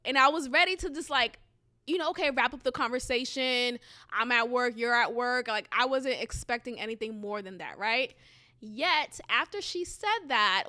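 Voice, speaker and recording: A woman's voice: fairly high pitch, sharp tone, no echo. A young woman hosting her own podcast, telling a personal story in a rambling, heartfelt way with many fillers and the odd curse. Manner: swears casually. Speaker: podcast host. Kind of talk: casual monologue.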